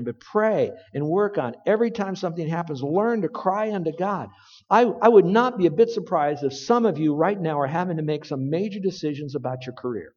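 A man preaching a sermon in a large hall, his voice set a bit high and carried by a long echo. He speaks earnestly and plainly, then breaks into loud, emphatic bursts. The sound is somewhat dull. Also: lively intonation, fairly quick.

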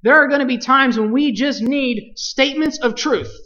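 A Bible teacher leading a study, speaking deliberately and putting questions to the class. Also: high-pitched, pushed and bright, lo-fi sound.

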